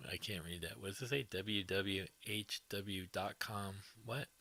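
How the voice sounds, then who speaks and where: A man's voice: deep voice, steady tone, a little slow, sharp tone. A man hosting a livestream, telling casual rambling stories to his viewers, chuckling often and swearing freely. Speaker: livestream host.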